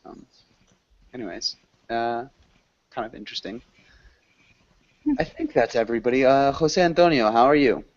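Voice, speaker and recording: A man's voice: medium pitch, normal speed, long pauses, no echo, muffled recording. A man teaching an online English class, chatting casually with students and rambling through fillers. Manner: relaxed, rambling, many fillers.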